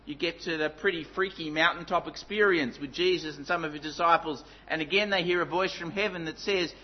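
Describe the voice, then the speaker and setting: A man preaching a sermon, emphatic, dropping to low, intense tones for stress. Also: brisk, few pauses, slightly rough, muffled recording.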